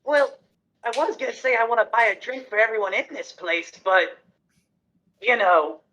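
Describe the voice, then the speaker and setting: A man joining a tabletop game in character, upbeat and jokey, with a sharp, bright voice. His lo-fi mic sounds dull and muffled. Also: extremely high pitch, expressive, normal speed. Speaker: player. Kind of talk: casual in-character roleplay.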